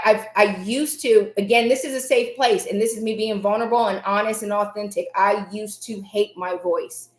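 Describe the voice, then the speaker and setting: A woman hosting a live self-help stream, speaking earnestly in repeated, emphatic affirmations, her voice a little raspy at times. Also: medium pitch, roomy sound. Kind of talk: motivational live-stream talk.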